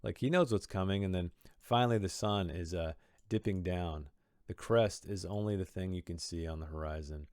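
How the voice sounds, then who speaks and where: A man's voice: deep voice, moderate pace, a little mellow, dry recording, clean studio sound. A man talking through a story he wrote, explaining his choices in a thoughtful, rambling way with many restarts. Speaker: author discussing his own story. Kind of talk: reflective commentary on his own writing.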